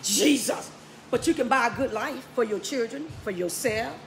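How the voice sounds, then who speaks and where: A woman preaching on a live stream, emphatic and repetitive, often laughing and breaking into shouts. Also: a little high, normal speed, creaky, a crowd in the background.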